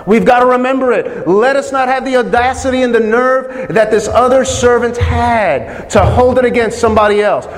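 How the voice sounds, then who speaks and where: A man's voice: very high-pitched, normal speed, hardly any pauses, in a large hall. A man preaching a sermon, reading a parable and asking his listeners rhetorical questions.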